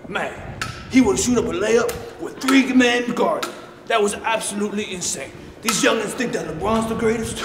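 A man's voice: high-pitched, background noise, heavily acted. A young man voicing a crotchety old grandpa who rambles and boasts about basketball in a comedy sketch, with music playing behind. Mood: boastful.

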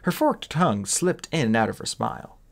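Animated male storybook narrator. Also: mid-range voice, a little fast, gravelly. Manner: expressive, animated reading. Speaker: audiobook reader.

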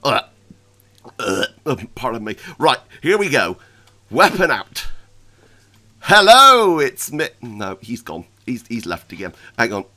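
A man giving excitable, self-mocking commentary while playing a video game. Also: mid-range voice, takes it slowly. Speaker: gaming YouTuber. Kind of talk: let's play commentary.

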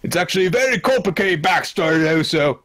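Gruff, boastful British tough guy, a man hamming it up, husky, voice swinging up and down. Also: sits high, lively intonation, fast, a bit bright. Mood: rambling. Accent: put-on British. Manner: hammy impression with a drifting accent. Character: gruff British male movie brute, boastful.

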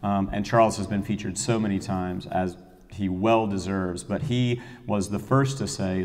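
A man's voice: deep voice, steady tone, moderate pace, a little mellow. A middle-aged man, an orchestra's music director, talking casually and enthusiastically about the coming season, with some fillers. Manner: chatty, enthusiastic storyteller with fillers. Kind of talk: casual season announcement talk. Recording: long hall reverb.

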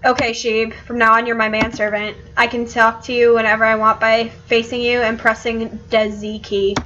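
A bossy, snarky cat from a game, insulting everyone in a bright, fairly high voice, as a woman reads her. The recording is slightly dull with faint hiss. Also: little pitch movement, moderate pace, natural voice. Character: rude bossy cat protagonist.

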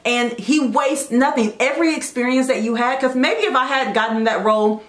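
A woman's voice: high-pitched, moderate pace, echoey room. A woman in her late thirties hosting a faith talk show, chatty and encouraging, with side notes as she goes. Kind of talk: casual devotional talk.

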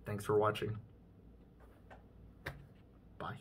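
A man's voice: lowish voice, level tone, drawn-out words, background noise. A young man ranting in a frustrated, exasperated vlog monologue, swearing freely. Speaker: vlogger.

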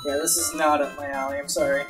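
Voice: mid-range voice, little pitch movement, quick pace, over music. A co-host bantering casually over gameplay, teasing and joking.

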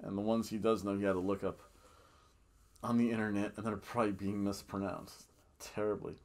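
A man hosting a casual wrestling review podcast, rambling and animated, often laughing and booing in mock outrage. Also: fairly low pitch, a little fast. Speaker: podcast host.

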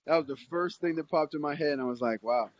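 A man's voice: a little high, fast, no room sound. Middle-aged man, coach type, rambling storyteller; dry, muffled lo-fi audio. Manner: rambling, animated anecdote with many fillers and restarts. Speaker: interview guest, football coach. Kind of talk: casual storytelling.

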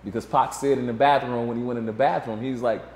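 In a casual interview, a male guest with a medium-pitched voice tells a story at a quick pace in a roomy-sounding space. He's an animated storyteller who acts out what other people said.

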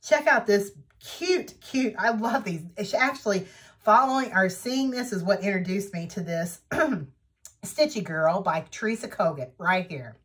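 A woman's voice: mid-range voice, a little slow. A woman hosting a needlework vlog, chatting casually and enthusiastically as she shows off projects. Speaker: needlework vlogger. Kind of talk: casual show-and-tell chat.

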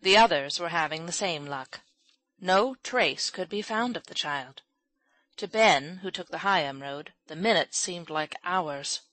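A woman narrates a classic children's novel in a slightly low voice. The recording is close and dry, with no room sound. She lifts her pitch and volume whenever a character speaks. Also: a little slow, fairly bright tone, dry recording, poor audio. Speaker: audiobook narrator.

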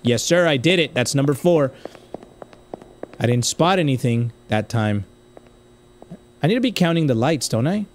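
A young man from the United States commenting casually on a game he plays, swinging from quiet muttering to loud outbursts. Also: medium pitch, moderate pace, pauses often. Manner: excitable, swings from muttering to yelling. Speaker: gaming streamer.

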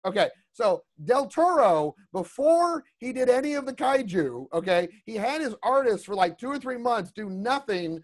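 Speaking at normal speed with few pauses, this man has a very high voice that swings widely in pitch. He's leading a creature design class on a video call, rambling along with lots of asides and repeated "you know what I mean"s in a casual, chatty way.

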